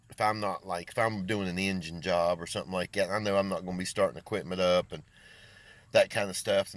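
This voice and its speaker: A man's voice: deep voice, a bit bright, no room sound. An older man who runs a small engine repair and lawn care business, chatting casually and rambling in a folksy way. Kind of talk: casual vlog chat.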